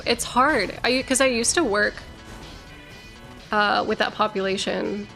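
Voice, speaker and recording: A woman's voice: mid-range voice, measured pace, vocal fry, long pauses, pushed and bright, soft background music. A woman streamer chatting casually with her viewers. She rambles with lots of fillers and restarts, swears freely, and struggles a little to get her words out. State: struggling to articulate, slurring slightly. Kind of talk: casual live-stream chat, reading viewer messages.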